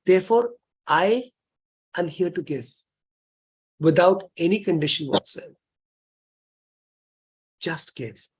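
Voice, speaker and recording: Indian guy lecturing on religion, husky voice, earnest and coaxing, drops hindi words in. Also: sits high, expressive, slow, pauses often. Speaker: lecturer on Jain practice.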